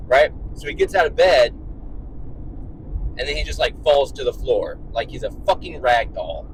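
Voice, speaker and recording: A man's voice: mid-range voice, normal speed, background noise. A man telling an exasperated, profane story about his morning, ranting in his car. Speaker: vlogger and dad.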